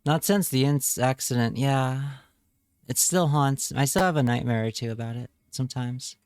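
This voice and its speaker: A man's voice: mid-range voice, moderate pace, a little mellow, clear, resonant tone, no echo, clean studio sound. A man chatting casually on a live stream, reading chat aloud and joking around. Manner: playful, jokey, reads chat aloud.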